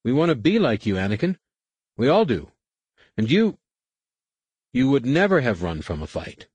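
Guy reading an eager lil boy jedi kid, pitched up high, husky edge, dry close sound. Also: sing-song, moderate pace, darkish tone, no room sound, lo-fi sound. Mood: earnest. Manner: raised, boyish pitch. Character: earnest young boy Jedi trainee, eager.

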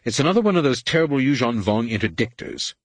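A man's voice: mid-range voice, expressive, fast, no room sound, pitched above the performer's own voice, close to an everyday voice. A man reading an audiobook, voicing a fussy, anxious golden protocol droid in a prim, fretful, exclamatory way. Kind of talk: audiobook character voice.

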